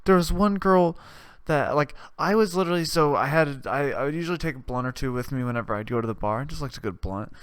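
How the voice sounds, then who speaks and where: A young man hosts his own show, telling rambling, profane stories with lots of restarts. His voice is smooth and clear, and the sound is dry and close. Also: medium pitch, a bit bright, no room sound. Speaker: podcast host. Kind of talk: casual storytelling monologue.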